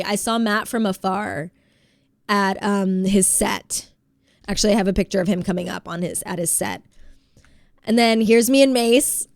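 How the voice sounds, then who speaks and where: Woman streamer w a stuffy head cold, giggly and chatty, mid pitch, dry close mic. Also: a little mellow, dry recording. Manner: giggly, chatty, reads chat aloud. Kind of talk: casual chat with chat.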